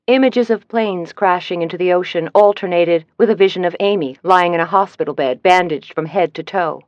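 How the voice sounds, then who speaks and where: A woman narrating a first-person mystery audiobook in a measured, even storytelling manner. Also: fairly low pitch, no room sound, lo-fi sound.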